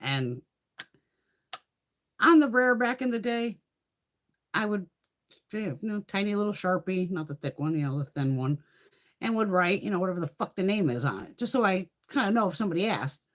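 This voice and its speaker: A woman's voice: medium pitch, lively intonation, normal speed, pauses often. A middle-aged woman hosting a casual beauty livestream, chatting freely, swearing often and laughing between thoughts. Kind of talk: casual live chat.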